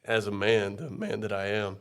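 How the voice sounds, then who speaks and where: Animated male storyteller on a podcast. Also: lowish voice, moderate pace, clean tone. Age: adult with a young son. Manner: animated storytelling, acts out screams and voices. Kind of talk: casual podcast chat.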